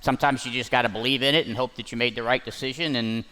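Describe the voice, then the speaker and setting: A man's voice: medium pitch, fairly even intonation, quick pace, bright, forceful tone. A male company founder speaking in an emphatic, folksy way, telling stories and backing others firmly. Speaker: company founder and CEO interviewing the host. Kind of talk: conversational interview. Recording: long reverb of a hall.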